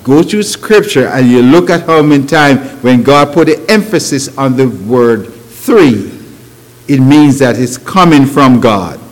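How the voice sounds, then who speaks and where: Slow, lively preacher man in a hall. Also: medium pitch. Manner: non-native grammar, emphatic rising phrases and rhetorical questions. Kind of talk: sermon. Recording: long hall reverb.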